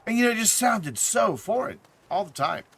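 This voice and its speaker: A man's voice: sits high, expressive, normal speed, vocal fry, a little hiss or hum. A man chatting casually while he streams a game live, rambling and amused, with lots of fillers and restarts. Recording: loud game sound under the voice.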